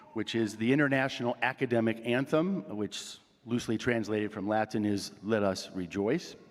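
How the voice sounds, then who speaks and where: An American man giving a measured, deliberate formal address at a graduation ceremony, with frequent ums and uhs. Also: medium pitch, darkish tone. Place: large graduation hall. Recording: long reverb of a large hall.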